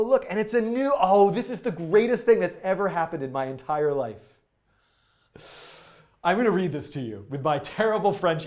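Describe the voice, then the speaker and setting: A man hosting a live-stream coding tutorial, talking in an excitable, rambling way full of fillers and restarts. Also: a little high. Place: indoor studio.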